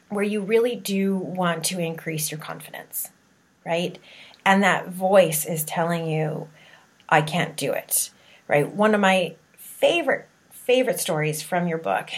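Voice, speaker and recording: A woman hosting a podcast interview, chatting warmly and enthusiastically, laughing often and leading with questions. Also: fairly low pitch, lively intonation, measured pace. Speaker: podcast host. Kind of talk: casual interview chat.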